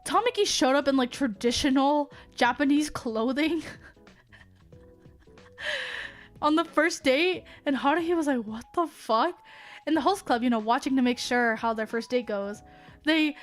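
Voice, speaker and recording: Young woman, streamer, rambling chat, casual swearing, frequent laughter, a bit high-pitched, soft music underneath. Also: animated, a little slow, long pauses. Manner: laughs often while talking. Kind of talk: casual chat retelling an anime plot.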